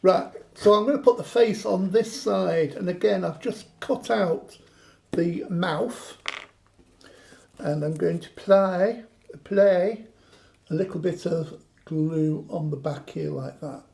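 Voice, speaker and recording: A man's voice: high-pitched, slow, gravelly, darkish tone. A man chatting through a craft demonstration, joking and poking fun at himself. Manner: joking, self-mocking banter.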